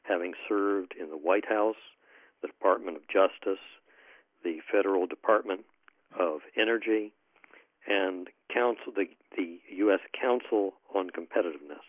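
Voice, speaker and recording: A man opening a panel event as moderator, formally introducing the speakers in a measured way. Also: sits low, no room sound. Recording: tinny phone-like line, dry.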